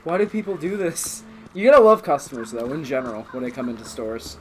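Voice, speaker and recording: A podcast co-host in their twenties chatting casually, expressive and quick to laugh. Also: medium pitch. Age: 20s. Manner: expressive, reacts with loud laughter. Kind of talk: casual chat. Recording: noisy background hiss.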